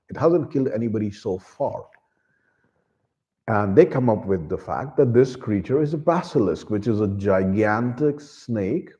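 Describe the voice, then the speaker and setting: A man with a low, mellow voice retells a story's plot in a loose, rambling way, stopping to restart his sentences. The recording is dull and lo-fi. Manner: rambling, with many restarts and fillers. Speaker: book reviewer.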